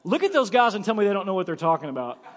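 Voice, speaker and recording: A man in his thirties preaching a sermon as pastor, telling a story in an animated, joking way. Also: high voice, rapid-fire. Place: church sanctuary. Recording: long church-hall reverb.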